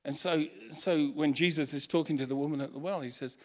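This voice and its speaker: A man preaching a sermon, telling a story with lively acted-out quotes and frequent restarts. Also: on the high side, brisk, hardly any pauses. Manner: animated storytelling, acts out quotes, self-correcting restarts. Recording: long hall reverb.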